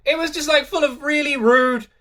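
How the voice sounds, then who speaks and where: A man's voice: extremely high pitch, fairly even intonation, moderate pace, sharp tone. A man from the UK hosting a reaction video, talking casually and enthusiastically to his viewers, often repeating himself. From United Kingdom.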